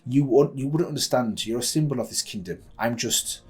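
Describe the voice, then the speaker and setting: A man's voice: mid-range voice, brisk, a little mellow, lightly acted. A man voicing a shy, anxious young girl mage, speaking meekly and pleading, read aloud. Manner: meek, pleading.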